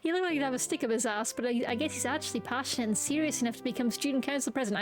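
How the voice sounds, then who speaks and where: Streamer: a high-pitched woman, excitable and self-mocking, swearing often, with game music behind her. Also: rapid-fire. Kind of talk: let's play commentary.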